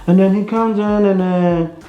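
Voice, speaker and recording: Slow-talking young woman telling a story. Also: mid-range voice, steady tone. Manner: chatty, repetitive, many fillers. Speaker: vlogger. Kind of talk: casual storytime. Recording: echoey room, dull sound, faint music.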